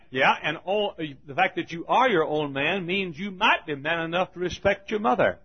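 Older male preacher, husky, folksy and chuckling, lively ups and downs in pitch; dull lo-fi sermon recording. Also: normal speed. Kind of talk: sermon storytelling.

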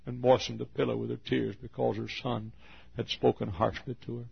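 A man in his fifties from Texas preaching a sermon, telling a long personal story in an earnest, drawn-out way. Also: medium pitch, flat delivery, vocal fry, breathy edge. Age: 50s. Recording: dull lo-fi sermon recording.

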